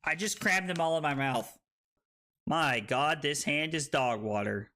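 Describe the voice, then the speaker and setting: A tipsy man streaming a card game, loud and joking, laughing often as he chats with viewers. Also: a little high, unhurried. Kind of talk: rowdy livestream chat.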